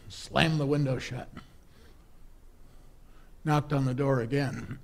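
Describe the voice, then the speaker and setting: A male priest giving a sermon in a relaxed, conversational, humorous way, with stories and rhetorical questions. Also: medium pitch, slow, creaky, pauses often. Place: church.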